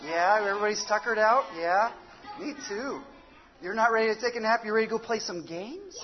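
A woman's voice: mid-range voice, expressive, fairly quick. A woman leading children in a church sing-along and chat, upbeat and encouraging, coaxing the kids by name. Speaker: children's worship leader. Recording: dull lo-fi sound under loud guitar music. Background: guitar music.

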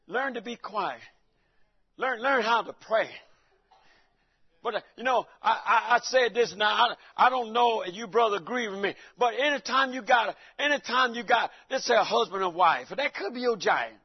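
A man's voice: very high voice, expressive, normal speed, breathy edge. A male preacher giving a folksy, joking sermon in a church and calling out to the congregation. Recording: dull lo-fi recording.

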